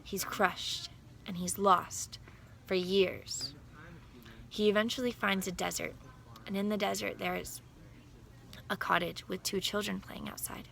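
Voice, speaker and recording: A woman casually retelling a fairy tale in a plain, unhurried way, correcting herself now and then. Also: medium pitch, steady tone, creaky, fairly bright tone, a little hiss or hum. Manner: plain, unhurried telling with small self-corrections. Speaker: storyteller.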